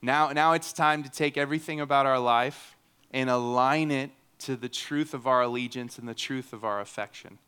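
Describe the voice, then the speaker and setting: A man's voice: medium pitch, pushed and bright, clear, resonant tone. A man in his thirties preaching a sermon in an earnest, conversational way, with humorous asides. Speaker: pastor.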